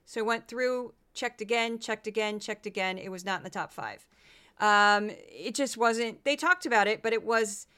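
Smooth-voiced tired woman podcaster. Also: medium pitch, pushed and bright. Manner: chatty, runs through statistics, self-deprecating asides. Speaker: podcast host. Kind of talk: casual solo podcast commentary.

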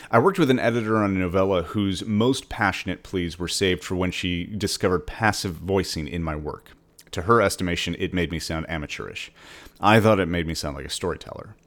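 A man who is the author, reading his own newsletter aloud as a casual, measured writing lesson. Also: deep voice.

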